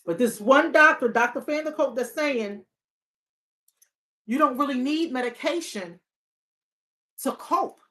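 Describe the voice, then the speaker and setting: A woman's voice: high-pitched, a little slow, pauses often, fairly bright tone. A woman therapist and hotline counselor in a casual, reflective monologue, talking earnestly and often repeating her key phrases.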